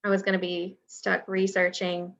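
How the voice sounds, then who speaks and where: A woman co-hosting a casual podcast who speaks earnestly and reflectively, with occasional bursts of excitement. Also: lowish voice, moderate pace. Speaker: podcast co-host. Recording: dull lo-fi audio.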